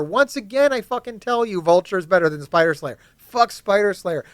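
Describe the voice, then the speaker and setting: A man giving casual gameplay commentary to his chat, swearing often and ranting excitedly about characters. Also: high voice, moderate pace, clear, resonant tone, dry recording. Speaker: gaming YouTuber.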